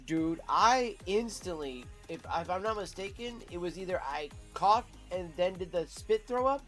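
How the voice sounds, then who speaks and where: A man telling a rambling, profane story to his live chat as a streamer, in a casual, animated way. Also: high voice.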